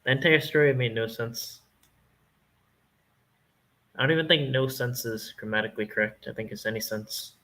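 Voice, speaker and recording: A man's voice: mid-range voice, fairly even intonation, normal speed, long pauses, sharp tone, rough recording. A man with a Canadian accent chatting casually on a stream, rambling, joking and swearing freely. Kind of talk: casual chat.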